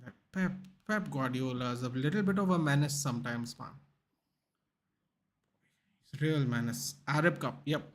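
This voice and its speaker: A young man hosting a live football watchalong, reacting casually to the match and chatting with viewers. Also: a little high. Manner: animated, chatty, reacts to the game and reads chat.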